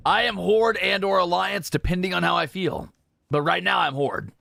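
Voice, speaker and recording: A man's voice: high voice, normal speed, creaky, sharp tone, no echo, faint music behind. A man from Europe streaming a game, chatting casually in a jokey, self-correcting way.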